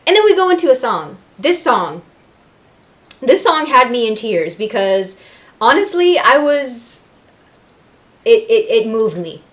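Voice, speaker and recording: A woman from Puerto Rico hosting a reaction video, recapping scenes with animated storytelling and acting out the characters' lines. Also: on the high side, unhurried. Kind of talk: casual recap and commentary.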